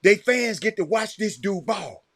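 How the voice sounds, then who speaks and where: A man with a Southern American accent hosting a casual livestream, reacting loudly to a game and calling out viewers by name. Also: sits high, a little slow, no room sound, clean studio sound. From Texas. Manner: excitable, reacts loudly to a game while chatting; addresses viewers by name, repeats himself. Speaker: livestream host. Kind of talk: casual chat with live viewers.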